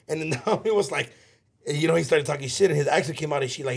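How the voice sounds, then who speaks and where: A man co-hosting a casual podcast, joking, excitable and swearing a lot. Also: fairly high pitch, quick pace, creaky, husky. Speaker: podcast co-host. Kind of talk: casual chat.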